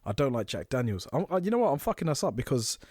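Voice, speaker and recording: A man talks quickly in a loose, chatty podcast style, acting out the voices of his mates as he tells a story. His voice sits at an ordinary pitch, and the recording is close and dry, with no room sound. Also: slightly rough, no echo. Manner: fast, animated anecdotes with acted-out quotes. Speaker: podcast co-host. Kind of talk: casual chat, storytelling.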